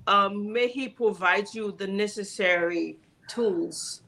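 A gentle woman guest who offers consolation in a casual talk. She speaks very slowly, her voice gravelly yet bright and sharp. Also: medium pitch, rough recording. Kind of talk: casual chat.

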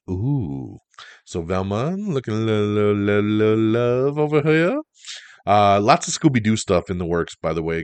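A lower-pitched man hosts a casual news rundown, talking in a loose, opinionated way with plenty of ums and uhs. The recording is dry and close. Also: dry recording. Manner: chatty, opinionated, fillers. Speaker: host of an entertainment news show.

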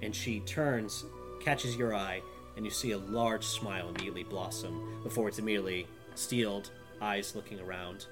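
A man narrating as game master in a relaxed way, with plenty of fillers. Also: lowish voice, normal speed. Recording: background music.

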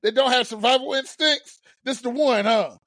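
High-voiced playful man arguing. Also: normal speed, fairly bright tone, no echo. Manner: playful, argumentative. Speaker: podcast co-host. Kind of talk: casual chat.

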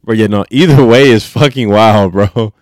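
A man's voice: fairly low pitch, normal speed, no room sound, studio quality. A man co-hosting a podcast, in casual chat and loose, joking, slangy banter. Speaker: podcast co-host.

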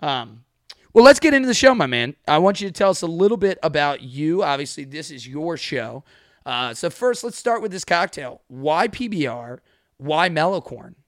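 A man hosting a podcast in casual chat, energetic and talkative with frequent laughs. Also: a little high, moderate pace, no room sound, clean studio sound. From Mid-Atlantic United States. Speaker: podcast host.

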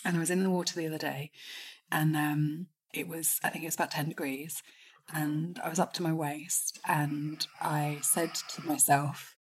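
Husky, low-voiced woman guest. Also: fairly even intonation, normal speed. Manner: reflective, storytelling. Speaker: podcast guest. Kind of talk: casual conversation.

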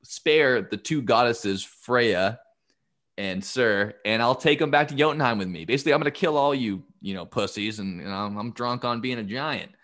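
A man's voice: medium pitch, moderate pace, fairly bright tone, voice pushed up, natural voice. A man voicing a boastful, belligerent drunk male giant from myth, taunting in an aggressive way.

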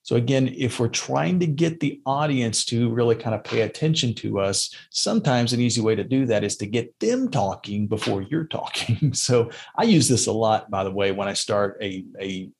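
A man's voice: medium pitch, animated, moderate pace, gravelly, hardly any pauses, a little mellow, slight background noise. A man hosting a podcast, giving casual how-to advice with frequent fillers and restarts. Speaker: podcast host. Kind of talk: casual instructional podcast talk.

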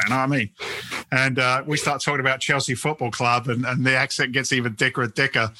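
A man's voice: mid-range voice, steady tone, fairly quick, bright, forceful tone. A middle-aged man from England with a London accent mixed with American, talking animatedly as a guest in a casual interview and often repeating words as he restarts his sentences. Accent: London English mixed with American. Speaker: real estate investment CEO, guest.

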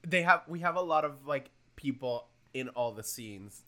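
A woman's voice: rumbling low, lively intonation, normal speed, crowd noise. A woman co-hosting a casual chat, chiming in with short agreements and laughs. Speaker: podcast co-host.

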